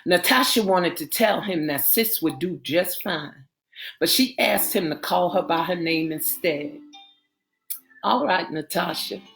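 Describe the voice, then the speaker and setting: A woman narrating a romance novel in an unhurried, plain reading style. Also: fairly low pitch, poor audio. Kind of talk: audiobook narration. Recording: soft guitar music behind.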